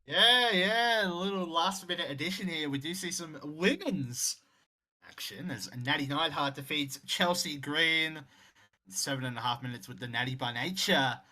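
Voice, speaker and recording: A man's voice: on the high side, moderate pace. A man co-hosting a casual wrestling game commentary with lots of fillers. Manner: animated, filler-heavy chat. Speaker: co-host.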